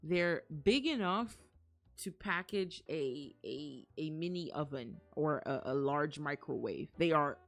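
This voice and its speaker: A young woman chats with her live-stream viewers from home, her fairly low voice swooping up and down with animated energy. She rambles and restarts her sentences, and keeps breaking into excited gasps and laughter. Soft music plays faintly behind her. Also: measured pace. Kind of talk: casual live-stream chat.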